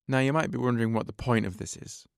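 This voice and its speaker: A man's voice: mid-range voice, fast, vocal fry, loud music behind the voice. A man teaching a drum lesson on his podcast, explaining patiently step by step and counting beats aloud.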